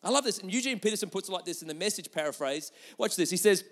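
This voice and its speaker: Man preaching, high voice, long hall reverb, energetic, loud then hushed. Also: fast, few pauses. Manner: energetic, swings between loud emphasis and soft asides. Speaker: pastor. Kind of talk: sermon.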